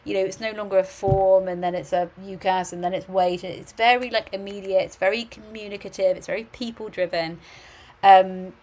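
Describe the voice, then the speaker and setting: A woman's voice: medium pitch, normal speed, poor audio. Chatty middle-aged woman giving advice. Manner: chatty, animated, often restarts mid-sentence. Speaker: university admissions adviser. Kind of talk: live-stream advice talk.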